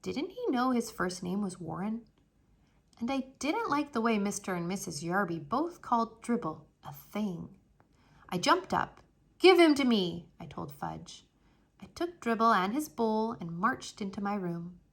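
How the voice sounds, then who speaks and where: Bright, lively woman reading aloud. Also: medium pitch, a little slow, vocal fry, slightly rough. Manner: expressive, storytelling. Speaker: children's book reader. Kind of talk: children's book read-aloud.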